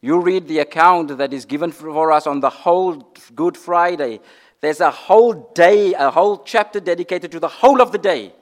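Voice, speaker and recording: A man preaching a sermon, swinging from loud declarations to hushed, almost whispered lines and repeating phrases for emphasis. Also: fairly high pitch, normal speed.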